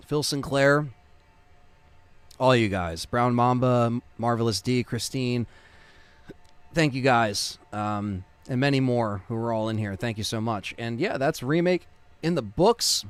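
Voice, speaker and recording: A man's voice: mid-range voice, clear, resonant tone, no echo. A man hosting a gaming livestream, rambling through thanks to viewers and plans for the next streams, with the hiccups and lots of fillers. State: has the hiccups. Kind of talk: casual stream sign-off chat.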